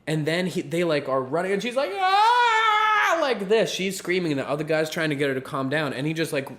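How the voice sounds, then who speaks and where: A podcast co-host tells a story in casual conversation, animatedly acting out the people in it with bursts of laughter. His voice is a little high and he talks fast.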